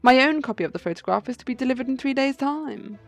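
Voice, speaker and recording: A woman's voice: high-pitched, expressive, quick pace, faint music behind, voice pushed up. Woman reading a gracious formal baron. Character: courteous male baron, host of a manor. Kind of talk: game playthrough read-aloud.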